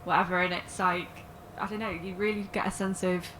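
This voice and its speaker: A woman's voice: lowish voice, steady tone, a little fast, fairly bright tone, slight background noise, low-quality recording. A young English woman hosting a podcast, chatting with enthusiasm and laughing easily. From England. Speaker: podcast host. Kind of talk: casual chat.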